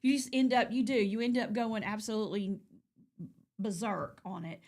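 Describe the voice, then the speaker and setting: An older woman co-hosting a casual chat, telling animated stories and acting out what people said. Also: medium pitch, normal speed. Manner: chatty, animated storyteller, acts out quotes.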